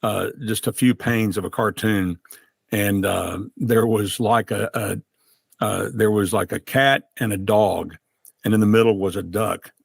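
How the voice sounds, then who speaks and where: A husky-voiced man hosts a podcast conversation and sums up his guest's story in a slow, reflective way. His low voice sounds close and dry. He pauses often as he thinks. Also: fairly even intonation, no echo. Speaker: podcast host. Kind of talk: casual interview chat.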